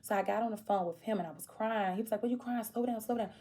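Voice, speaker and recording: Racing along with hardly a pause, a woman vlogger recounts something from her own life in a casual tone. She gets animated, voicing the people she quotes with dramatic pitch swings.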